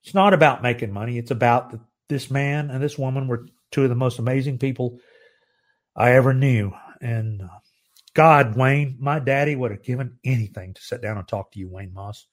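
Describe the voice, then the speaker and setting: Earnest middle-aged American man host. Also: mid-range voice. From United States. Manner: earnest, grows emotional, halting restarts. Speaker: live show host. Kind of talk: heartfelt live-stream talk.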